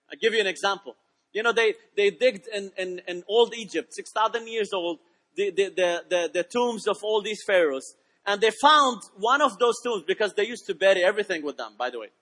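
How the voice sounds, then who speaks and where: A man preaching a sermon, prodding the congregation with questions and swinging between quiet asides and loud shouted peaks. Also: high-pitched, in a large hall. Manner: emphatic, prods the congregation with questions.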